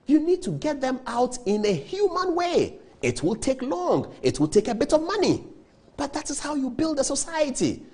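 A man speaks in a husky, somewhat high voice, holding forth as a TV host. His pitch swings widely as he fires off rhetorical questions and hammers points with repetition. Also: a little mellow. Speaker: TV show host. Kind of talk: opinionated studio monologue.

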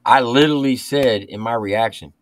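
A man's voice: mid-range voice, moderate pace. A man, co-hosting a livestream music show in a teasing, joking way. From Louisiana, USA. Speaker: co-host. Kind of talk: casual livestream banter.

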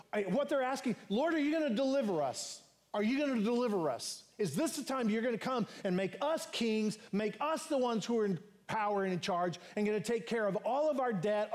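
High-voiced preaching man. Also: darkish tone. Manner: earnest preaching, rising emphasis, repeats phrases. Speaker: pastor. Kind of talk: sermon. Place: church.

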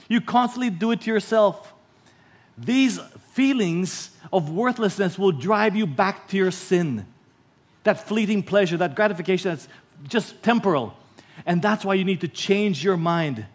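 High-voiced Filipino pastor preaching. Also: male voice, animated, moderate pace. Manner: preaching with told stories and repeated lines. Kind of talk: sermon.

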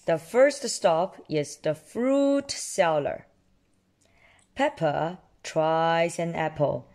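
A woman reading a picture book aloud to a child, pausing to explain the story in simple words. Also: sits low. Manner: slow, expressive, pauses to explain to a child.

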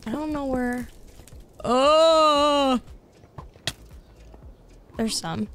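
A woman's voice: high voice, extremely slow, a bit bright, slight background noise. A young woman live-streaming a game, chatting casually with lots of "like" and reacting to what happens on screen. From Canada. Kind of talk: casual live-stream chat while gaming. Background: faint background music.

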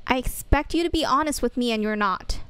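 A woman's voice: on the high side, brisk, a bit bright, smooth, dry recording, lightly acted. A woman voicing a strict mother who scolds firmly. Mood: stern. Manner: firm, scolding. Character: stern strict mother of a teen.

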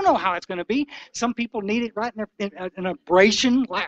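A man's voice: high voice, fast talker, hardly any pauses, no room sound. Passionate folksy man in his sixties. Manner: passionate, folksy and preachy, with blunt asides. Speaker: recovery meeting speaker. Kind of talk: impassioned talk to a recovery meeting.

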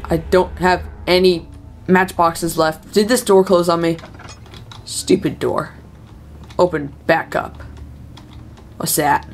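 A young woman talks her way through a scary game, fretting and muttering aloud to herself. Her voice sits low and she takes her time. A faint hiss runs under the recording. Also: steady tone, slow, long pauses. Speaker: gamer. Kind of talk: horror game let's play commentary.

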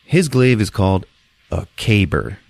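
A man hosting a podcast, retelling a movie in a jokey, laughing, animated way. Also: deep voice, a little slow, creaky, no room sound. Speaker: podcast host. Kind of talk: casual movie recap.

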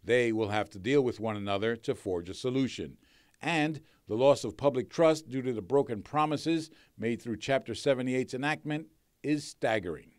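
A man reporting a broadcast news story in a measured, slightly wry delivery. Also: medium pitch, no room sound, clean studio sound.

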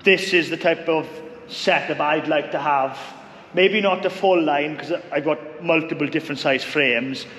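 A man from Wales, a visiting beekeeper, chatting with enthusiasm and halting restarts. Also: on the high side, fairly bright tone. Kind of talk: casual chat. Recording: echoey roomy space with long reverb and faint noise.

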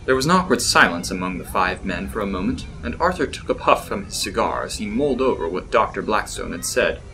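A man giving measured, scripted narration of a fictional story. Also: lowish voice, animated, pushed and bright, faint music behind, rough recording.

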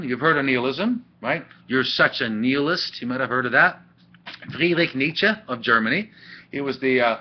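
A man teaching an ethics class in a chatty, animated way, with asides and laughs, recorded on a webcam. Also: medium pitch, breathy edge. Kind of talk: classroom lecture. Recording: dull lo-fi webcam audio.

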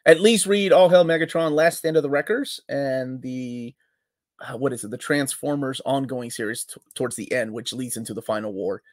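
A man co-hosting a live comics talk stream, relaxed and joking, loudly greeting people in the chat. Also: mid-range voice, moderate pace, no echo, studio quality. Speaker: co-host of a live comics show.

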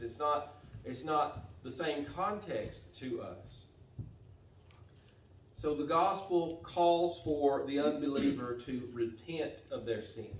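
A man preaching a sermon as pastor, steady and earnest, often repeating and restarting phrases. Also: medium pitch, slight background noise. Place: church sanctuary. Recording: echoey church from a distance.

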